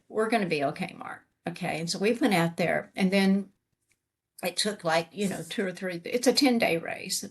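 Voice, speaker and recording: A woman's voice: lowish voice, creaky, breathy edge. A middle-aged woman, a retired army sergeant major, telling a story in an interview and acting out the dialogue.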